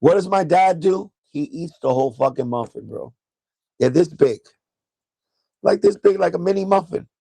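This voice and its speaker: A man's voice: high voice, expressive, moderate pace, creaky, mellow, slightly rough, no echo. A man from New York hosting a casual livestream from a chair at home, telling a story in a loose, profane way and laughing as he goes. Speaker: sneaker livestream host.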